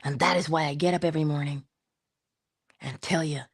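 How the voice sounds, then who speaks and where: A woman hosting a spiritual talk, animated and laughing often as she tells stories. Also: deep voice, fairly quick, husky. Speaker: spiritual channel host. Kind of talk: casual spiritual talk to viewers.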